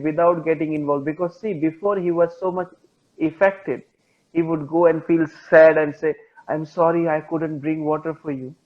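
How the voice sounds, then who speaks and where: Indian man teaching over a dull call line. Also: a little high. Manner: gentle, repetitive, patient phrasing. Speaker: meditation teacher. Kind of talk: storytelling teaching.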